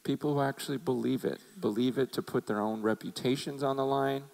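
Gravelly-voiced man preaching a sermon. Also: medium pitch, steady tone, brisk, darkish tone, low-quality recording. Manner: conversational, emphatic preaching with acted-out quotes. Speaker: pastor.

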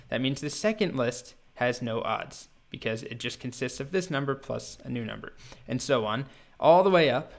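A man's voice: medium pitch, close to an everyday voice. An earnest, clever young village boy, voiced by a man telling a story lays out his thinking eagerly, one step at a time. The voice stays close to the teller's own.

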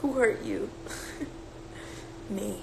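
A young woman with a smoky, gravelly voice tells loose, swearing stories and jokes. She talks into a phone in an echoey room with a faint hiss behind her. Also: mid-range voice, drawn-out words. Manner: rambling, profane, joking storytelling. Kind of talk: casual livestream chat. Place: room at home with her cat. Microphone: phone livestream.

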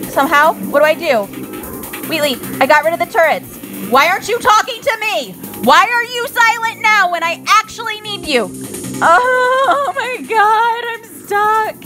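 A woman's voice: very high-pitched, unhurried, over music. A woman playing a video game live, panicking and talking to herself as she goes. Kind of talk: let's play commentary.

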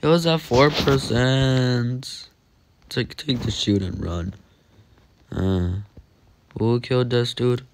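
A man's voice: medium pitch, takes it slowly, pauses often, noisy background. A young man giving casual, jokey commentary while he plays a game, talking to himself as he goes. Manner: animated, jokey, talks to himself while playing. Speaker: gaming commentator.

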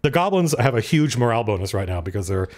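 A man's voice: on the low side, very animated, quick pace, darkish tone. A man narrating as game master at a tabletop game, casual and freely swearing as he works through the rules aloud.

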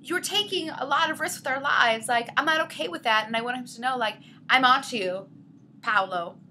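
Bright, lively woman telling a story. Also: high voice, a little fast, slight background noise. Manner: animated, acts out quotes with shifting voice. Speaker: podcast co-host. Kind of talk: casual storytelling chat.

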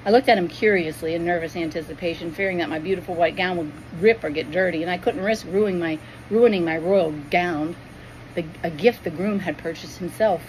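A woman tells her spiritual vision with earnest, devout emotion. Her voice sits somewhat low, and a faint background hiss runs under the reading. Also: fairly quick, poor audio. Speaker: Christian storyteller.

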